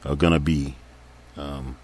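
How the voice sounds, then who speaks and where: Reading scripture passages aloud in sermon style, a man with an extremely deep, low voice teaches from the Bible and then comments earnestly, repeating key points for emphasis. His delivery is fairly even in intonation, a little slow and a little mellow, with a breathy edge and no room sound.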